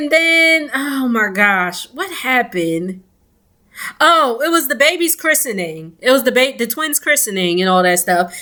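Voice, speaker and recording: A woman vlogger recapping a reality series in a casual chat, animated and laughing as she acts out what people said. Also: on the high side. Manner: animated storytelling with quoted voices and laughter.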